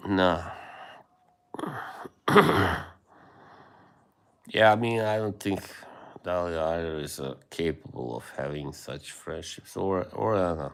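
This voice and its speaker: A man hosting a livestream, chatting casually with viewers in a rambling, hesitant way with many fillers and soft laughs. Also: low voice, takes it slowly, pauses often, clear, resonant tone. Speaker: livestream host.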